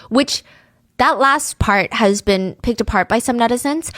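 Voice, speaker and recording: A woman's voice: on the high side, unhurried, fairly bright tone, no room sound, studio quality. A woman hosting a true crime podcast, telling the case in a casual, conversational way with frequent fillers.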